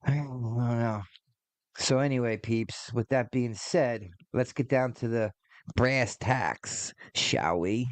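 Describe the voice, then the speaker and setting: A man's voice: mid-range voice, takes it slowly, no room sound. A man in his forties hosting a podcast, ranting casually with lots of swearing and rambling asides. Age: 40s. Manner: profane, rambling, exasperated. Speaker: podcast host.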